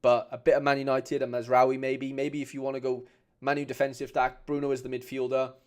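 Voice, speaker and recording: A man's voice: mid-range voice, little pitch movement, a little fast, darkish tone. A man chatting informally on a live stream, answering viewers with frequent restarts and slang. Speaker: streamer reviewing fan card collections. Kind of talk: casual live stream chat.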